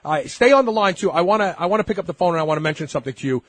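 A man hosting a radio show, putting brisk, enthusiastic questions to a guest. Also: high-pitched, animated, no room sound. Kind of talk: interview questions and show sign-off.

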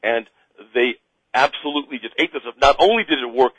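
A man's voice: mid-range voice, a bit bright, slightly rough, dry recording, rough recording. Confident male expert, dry sound. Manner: confident, with halting filler repeats. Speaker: guest expert, doctor. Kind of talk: explanatory interview answers.

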